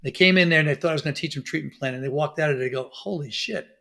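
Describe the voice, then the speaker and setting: A middle-aged man with a somewhat high voice tells stories in a relaxed interview. He moves between easy chat and lively retelling, putting on voices for the people he quotes. His talk is animated and full of examples. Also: very fast. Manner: animated storyteller, acts out quotes. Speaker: podcast guest, dentist. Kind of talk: conversational interview.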